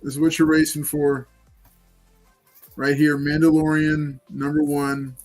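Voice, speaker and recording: A man's voice: a little high, little pitch movement, unhurried, darkish tone, faint music behind. A man hosting a casual livestream chat and giveaway, talking loosely with many fillers. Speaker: livestream host running giveaways.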